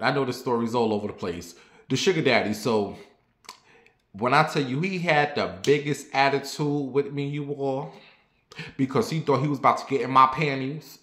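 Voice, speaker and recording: A man from the New York area telling a personal story in a sassy, animated, profane way. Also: mid-range voice. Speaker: vlogger. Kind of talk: casual storytelling. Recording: roomy echo.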